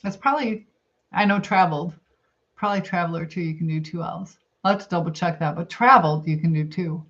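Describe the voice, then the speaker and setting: A middle-aged woman hosts a casual livestream, eating and reading viewer comments while she chats, rambles and thinks aloud. Her voice is fairly low and fairly bright, and she talks briskly. The stream audio is dull and lo-fi.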